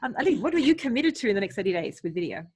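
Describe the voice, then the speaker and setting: Host: woman, husky, chatty, video call sound. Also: mid-range voice. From Yorkshire, England. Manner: chatty, quick, lively. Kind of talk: online group meetup.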